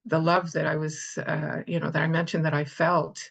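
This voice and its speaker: A woman sharing in a group circle, grateful and halting, with many fillers. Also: deep voice, level tone, vocal fry, husky. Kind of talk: personal share in a group circle.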